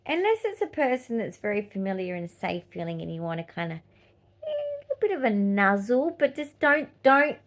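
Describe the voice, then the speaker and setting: A woman's voice: mid-range voice, huge pitch swings, moderate pace. A woman in her forties with an Australian accent, hosting a podcast as a casual monologue, blunt and swearing freely with laughs between points. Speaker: podcast host.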